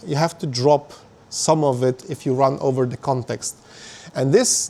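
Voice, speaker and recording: A man's voice: a little high, darkish tone. Man giving a technical meetup talk. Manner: explanatory, with frequent fillers and restarts. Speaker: conference speaker. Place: meetup venue.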